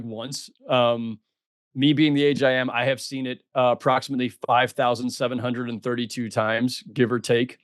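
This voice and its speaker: A middle-aged man talks on a podcast, chatty and self-deprecating, with plenty of ums and restarts. His voice sits a little high for a man. It is recorded close and dry, with no room sound. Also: no echo. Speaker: podcast co-host. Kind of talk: casual podcast chat.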